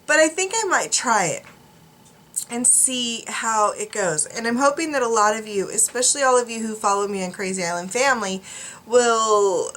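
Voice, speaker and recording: A woman's voice: fairly high pitch, lively intonation, moderate pace, fairly bright tone. A drowsy woman vlogger rambling casually to her viewers, with many ums and restarts. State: tired, drowsy. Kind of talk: casual chat to camera. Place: home studio.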